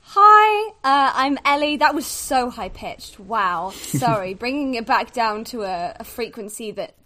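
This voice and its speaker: Give me a giggly, lively woman chatting as a guest player on a tabletop podcast. Her voice runs a bit high and bounces around as she talks. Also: unhurried. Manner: animated and giggly, leaping in pitch. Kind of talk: casual tabletop podcast chat.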